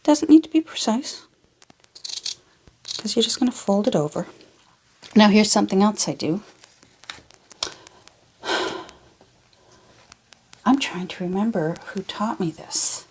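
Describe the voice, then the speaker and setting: A woman's voice: mid-range voice, slow, pauses often, a little mellow. A Canadian woman chatting casually as she works on a craft project in her home studio, rambling and wandering off on tangents. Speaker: junk journal crafter. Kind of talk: casual chat while crafting.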